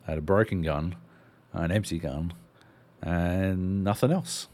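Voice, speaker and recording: A man's voice: low-pitched, a little slow, darkish tone. An Australian man co-hosting a podcast, telling a rambling story full of fillers and swearing. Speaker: podcast co-host. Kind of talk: casual storytelling.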